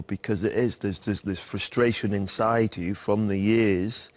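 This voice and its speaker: A stage actor speaking earnestly and reflectively in a documentary interview. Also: male voice, low-pitched, steady tone, a little slow, hardly any pauses.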